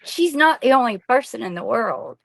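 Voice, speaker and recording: A woman's voice: on the high side, lively intonation, moderate pace, gravelly, fairly bright tone, no room sound, low-quality recording. A middle-aged woman, a podcast guest telling a painful personal story candidly, rambling and swearing casually.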